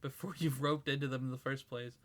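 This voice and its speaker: A Canadian woman co-hosting a podcast in casual chat, reading quiz questions aloud with a teasing, deadpan manner. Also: very deep voice, a little fast. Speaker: podcast co-host.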